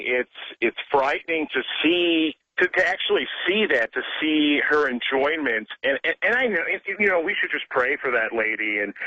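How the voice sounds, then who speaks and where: A man's voice: mid-range voice, bright, forceful tone, dry recording. A man in his twenties from the Chicago area calling in to a radio show, talking earnestly with many fillers and restarts. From Chicago area, USA. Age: 20s. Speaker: caller. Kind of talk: call-in radio talk. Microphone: telephone. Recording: dull phone-line call-in audio.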